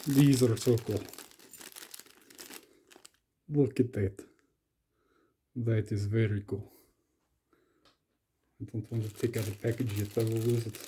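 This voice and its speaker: A man's voice: fairly low pitch, steady tone, takes it slowly, long pauses, warm tone, slight background noise. A young man doing playful, comic commentary while unboxing lock picks, sometimes slipping into a mock Russian persona.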